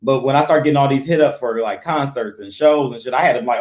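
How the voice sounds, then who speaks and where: Fast-talking man in an echoey room. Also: mid-range voice, a little mellow. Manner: fast, talkative, affirming. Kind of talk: casual interview chat.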